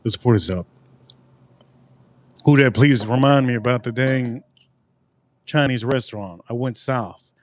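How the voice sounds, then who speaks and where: Talking directly to his chat, a livestream host reviews drinks, rambling and repeating himself. He speaks unhurriedly at medium pitch and pauses often.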